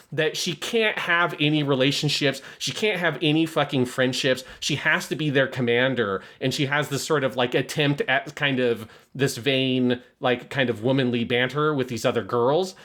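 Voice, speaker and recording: A man's voice: medium pitch, fairly bright tone. A man co-hosting a film review podcast, analyzing scenes with swearing and passion. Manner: profane, impassioned analysis with acted quotes. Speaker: podcast co-host. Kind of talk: casual film review discussion.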